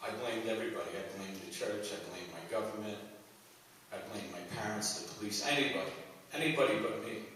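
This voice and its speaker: Older male guest speaker, low voice, halting personal testimony; distant pickup, heavy hall reverb. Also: a bit bright. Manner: earnest, halting, plain-spoken. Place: church hall. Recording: echoey hall, far from the mic, faint hiss.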